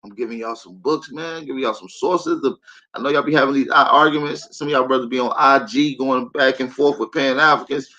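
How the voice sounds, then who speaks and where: A man's voice: mid-range voice, fairly even intonation, fairly quick, pushed and bright, dull audio. A man hosting a livestream, talking casually in slang and speaking straight to his chat. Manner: laid-back slang, addresses the chat directly. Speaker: show host.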